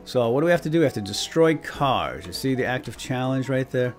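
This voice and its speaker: A man giving playful, jokey gameplay commentary as a let's play host, excitable and prone to chuckles and whoops. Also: medium pitch, brisk, soft background music.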